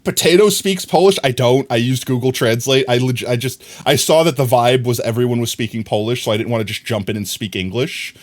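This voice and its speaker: A man's voice: fairly quick, few pauses. A young adult man livestreaming, chatting casually and teasingly with his viewers while he plays a game. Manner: playful and teasing, talks straight to chat; animated, rising pitch swings.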